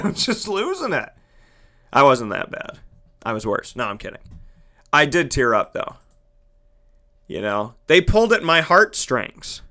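Bright high-voiced excitable man. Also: normal speed, long pauses. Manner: animated, emphatic, dramatic voice swings. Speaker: broadcaster and entertainment show host. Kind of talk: excited casual monologue.

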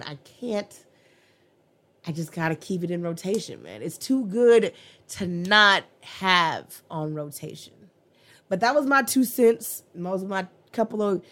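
An excitable woman hosts her own podcast and chats casually about music she loves. She talks with emphatic bursts, slang and the odd curse. Her voice sits at an ordinary middle pitch for a woman. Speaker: podcast host. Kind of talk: casual music review chat.

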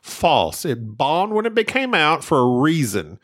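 Male podcast co-host, mocking and blunt, very animated pitch. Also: a little slow. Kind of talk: casual chat.

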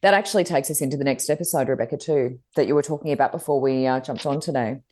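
Low-voiced woman co-hosting. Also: fast, warm tone. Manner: supportive, chips in short replies. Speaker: podcast co-host. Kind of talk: casual chat.

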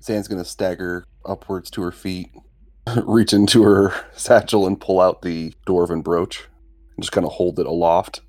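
A man's voice: sits low, fairly even intonation, normal speed, a little mellow. A man playing a tabletop game, casually describing what his character does. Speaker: player.

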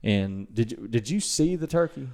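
A man's voice: medium pitch, lively intonation, moderate pace, darkish tone. A young man, hosting a podcast and telling a hunting story in a rambling, self-correcting way. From Mississippi, USA. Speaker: podcast host. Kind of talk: casual storytelling.

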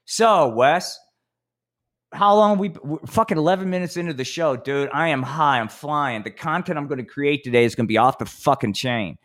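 A male podcast host rambles through comic riffs, swearing freely. His voice sits a bit high, and his delivery jumps around with animation. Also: moderate pace, a bit bright. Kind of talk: profane comedic riffing.

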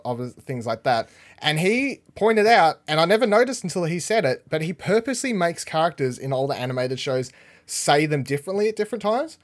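A man hosting a podcast in casual chat, energetic and rambling as he talks. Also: mid-range voice. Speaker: podcast host.

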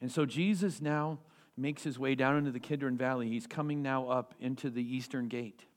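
Guy pastor preaching, lively, lots of rhetorical questions and repeats. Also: medium pitch, normal speed. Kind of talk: sermon.

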